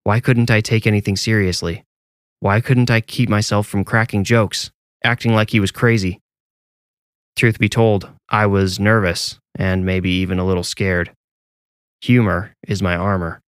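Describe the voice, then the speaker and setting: A man's voice: lowish voice, steady tone, a little slow, smooth, dry recording. A man reading his own horror story aloud in a dry, wry storytelling manner. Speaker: horror story narrator and author. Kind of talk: scripted horror narration.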